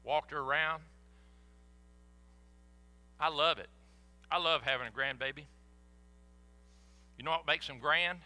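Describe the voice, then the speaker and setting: An older man preaching a sermon in a church, animated and folksy, with sudden whoops. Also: fairly high pitch, unhurried, long pauses. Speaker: pastor. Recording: echoey hall.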